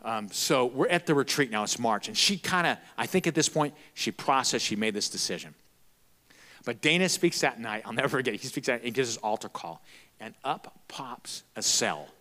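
Animated, bright-voiced male preacher. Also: medium pitch, moderate pace. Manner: animated and emphatic. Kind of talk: sermon storytelling.

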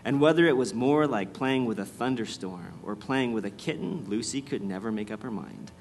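A man reading a storybook aloud in a measured, expressive way, then speaking to his listeners as the host. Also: medium pitch, a little hiss or hum.

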